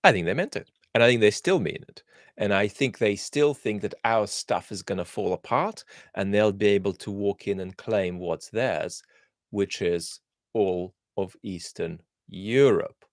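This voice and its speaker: Deep-voiced man musing through live viewer questions. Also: measured pace, no room sound, clean studio sound. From Russia. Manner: reflective, thinking aloud with many ums and restarts. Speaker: host. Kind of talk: live Q&A chat.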